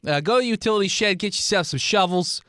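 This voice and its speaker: A man's voice: high-pitched, fast talker, fairly bright tone, no room sound, clean studio sound, voice pushed up. A man doing a bossy radio dispatcher. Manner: bossy, curt over the radio. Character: gruff male railway dispatcher boss.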